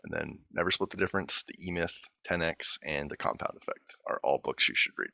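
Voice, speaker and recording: A man's voice: sits low, brisk, vocal fry, sharp tone, dry recording. A man presenting his business setup over a video call, explaining plainly and step by step. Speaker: guest presenter. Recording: dull lo-fi call audio.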